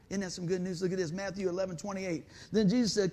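A middle-aged male pastor, preaching a folksy, animated sermon full of stories and calls for amen. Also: sits high, fast talker, few pauses. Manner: folksy, animated, storytelling with asides and call-and-response.

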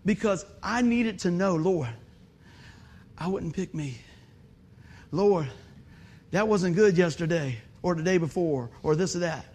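A man preaches in a lively, folksy way, calling out to his congregation. His voice sits high for a man and has a husky edge. He sounds excitable. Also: a little slow, pauses often. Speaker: lay preacher. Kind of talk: informal sermon.

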